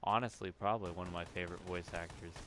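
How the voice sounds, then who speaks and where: Playing a video game, a man offers loose, rambling commentary packed with fillers and restarts, cursing now and then when he loses his train of thought. His low voice is quick, a bit bright and fairly even in intonation, with a little hiss or hum on the recording.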